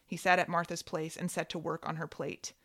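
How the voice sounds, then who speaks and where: A woman narrating literary fiction in a measured, wry reading voice. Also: deep voice, level tone, fairly bright tone.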